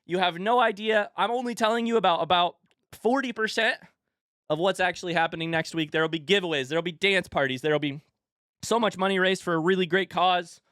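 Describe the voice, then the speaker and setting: A young male streamer with a slightly high voice, recorded close and dry on a desk mic. He talks like a hype announcer, then drops into quick, casual replies to chat. He is out of breath from all the excitement. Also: clean tone, no room sound. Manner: excitable, hyped announcer delivery that shifts to quick casual asides. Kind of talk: live stream chat with viewers.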